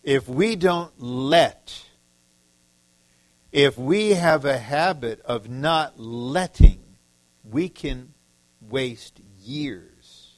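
A man's voice: medium pitch, animated, very slow, no room sound, rough recording. A man from the Detroit area preaching a sermon, emphatic and repetitive, acting out short quoted lines. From Detroit area, USA.

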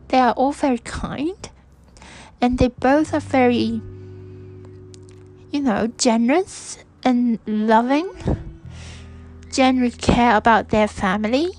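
A woman's voice: high voice, rough recording. A young woman from Hong Kong hosting a podcast, talking in a hesitant, reflective monologue full of restarts. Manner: soft-spoken, hesitant, with frequent restarts and fillers. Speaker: podcast host.

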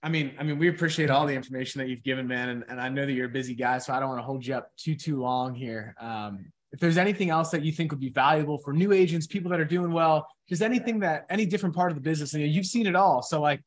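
A man hosting an interview talks quickly in a slightly raised voice, politely thanking his guest. His question rambles, full of fillers and restarts. It sounds relaxed and informal. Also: fairly high pitch. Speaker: interviewer, host. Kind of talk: casual interview.

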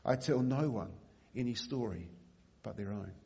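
A man reading aloud and voicing a great lion with a grave, quiet, slow delivery. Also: mid-range voice, animated, creaky, in a large hall, muffled recording. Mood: solemn. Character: great lion, deep solemn male voice.

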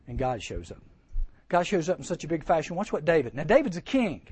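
A man preaching a sermon to teens, lively and joking, acting out voices and asking the crowd questions. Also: on the high side, normal speed, slightly rough. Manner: lively, acts out voices, jokes, rhetorical questions. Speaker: camp speaker.

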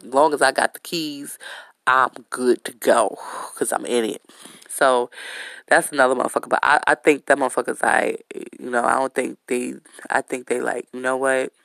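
A woman hosting a podcast, telling a story in a casual, blunt way with heavy swearing and lively retelling. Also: rumbling low, moderate pace, gravelly, no echo. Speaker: podcast host.

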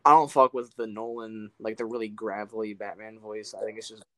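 A young man co-hosting a casual podcast, talking in an animated way, swearing freely and saying "like" a lot. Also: lowish voice, brisk, dry recording, low-quality recording. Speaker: podcast co-host. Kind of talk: casual chat.

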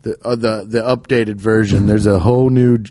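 A man's voice: fairly low pitch, fairly even intonation, normal speed, dark tone, no room sound. A man co-hosting a podcast in casual chat, telling stories with profanity and jokey put-on voices. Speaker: podcast co-host.

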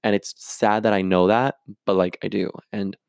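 Young man, low gravelly voice, dry close sound, confessional vlogger, rambling and open. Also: fairly even intonation, moderate pace, darkish tone, dry recording. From Florida. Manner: candid, rambling, with many fillers and restarts. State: close to tears at moments. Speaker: actor and vlogger. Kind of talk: confessional vlog monologue.

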